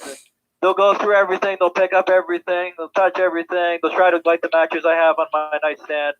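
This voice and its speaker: Casual guy talking, kinda high voice, stammers a lot, dull muffled audio. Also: little pitch movement, fast. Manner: chatty, stammers on restarts. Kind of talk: casual chat.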